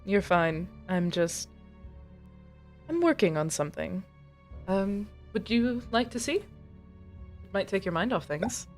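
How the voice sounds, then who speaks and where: A woman playing a calm, kindly mage. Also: mid-range voice, takes it slowly, long pauses, soft background music. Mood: reassuring.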